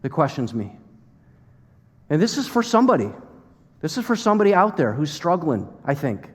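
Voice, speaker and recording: A man preaching a sermon as pastor, animated and emphatic, at times dropping to a soft, intimate tone. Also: mid-range voice, fairly quick, long pauses. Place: church. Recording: long hall reverb.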